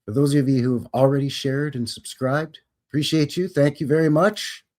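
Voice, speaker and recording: A man's voice: medium pitch, normal speed, darkish tone. A man from Canada hosting a casual live stream, chatting and greeting viewers by name in a folksy way.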